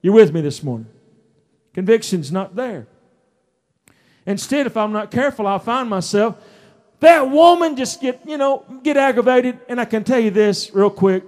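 A middle-aged preacher with a strikingly high voice delivers a sermon from the church pulpit. He talks in a folksy, conversational way, then pushes into emphatic shouts. His colors every phrase. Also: expressive, normal speed. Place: church sanctuary.

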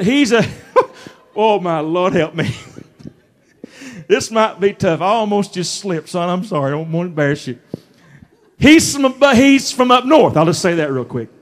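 A man preaching a sermon, chuckling and repeating words as he goes. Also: high voice. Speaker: pastor.

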